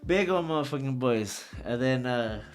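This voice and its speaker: A man's voice: mid-range voice, moderate pace, soft background music. A man guest on a podcast telling casual, slangy, profane stories about his travels. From Socorro area. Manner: profane, slangy, animated anecdotes. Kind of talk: casual storytelling.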